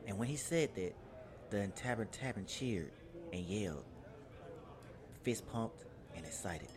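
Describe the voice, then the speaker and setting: A man reading a first-person adventure story in a measured, journal-like way, with crowd noise behind. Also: fairly low pitch, expressive. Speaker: narrator.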